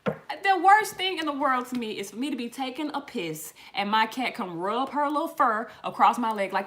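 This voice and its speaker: A middle-aged woman doing a casual tarot reading, telling lively stories in slang and swearing as she talks to her viewers. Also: fairly high pitch, normal speed. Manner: animated storytelling, slangy, swears, addresses viewers as y'all. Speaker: tarot reader.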